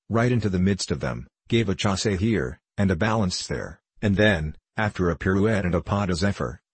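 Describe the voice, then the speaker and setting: Deep, husky male storyteller. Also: no room sound. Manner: theatrical, lively comic reading. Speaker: narrator. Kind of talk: scripted storybook narration.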